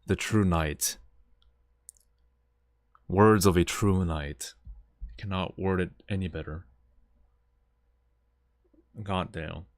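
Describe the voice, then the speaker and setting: A man's voice: deep voice, steady tone, takes it slowly, long pauses, no echo, clean studio sound. A man streaming live, reacting emotionally and stammering as he repeats his words.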